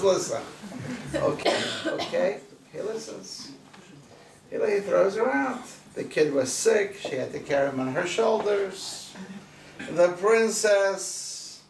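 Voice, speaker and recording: A man's voice: fairly high pitch, gravelly. A man, a rabbi, giving a sermon, emphatic and repeating rhetorical questions. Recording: roomy distant recording, faint noise.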